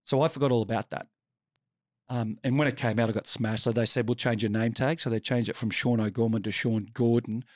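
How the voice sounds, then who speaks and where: A middle-aged Australian man, a podcast guest, telling his story in a candid, sweary and animated way. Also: mid-range voice, fairly quick, dry recording, clean studio sound. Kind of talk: casual interview storytelling.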